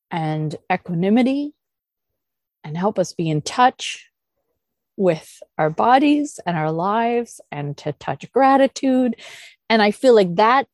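A woman leading a meditation group discussion, thinking aloud with soft sighs and laughs. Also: on the low side, no room sound. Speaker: Zen teacher leading a discussion. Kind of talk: unscripted dharma talk and Q&A.

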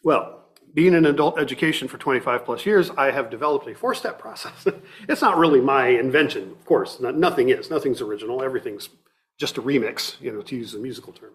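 A middle-aged man, a meditation teacher, giving a dharma talk in a reflective, measured way with frequent restarts, partly reading from a book. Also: medium pitch.

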